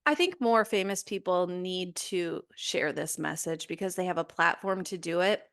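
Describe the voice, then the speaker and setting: A woman's voice: on the low side, moderate pace, fairly bright tone. Slightly winded woman in her late thirties. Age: 30s. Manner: candid, enthusiastic. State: slightly out of breath, pregnant. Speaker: podcast co-host. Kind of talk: casual chat.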